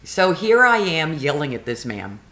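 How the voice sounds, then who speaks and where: A woman telling a long story about a maddening phone call, and her voice swings high and low as she acts out both sides. Her pitch sits low in between, and the sound rings in an echoey room. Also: moderate pace. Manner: animated retelling with quoted dialogue and rising frustration; laughs between phrases. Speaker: video blogger. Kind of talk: casual storytelling.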